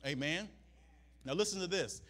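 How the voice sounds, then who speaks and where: A male pastor with a high-pitched, slightly bright voice preaches animatedly at a moderate pace. He repeats his points for emphasis and checks in with the congregation through "Amen?" asides.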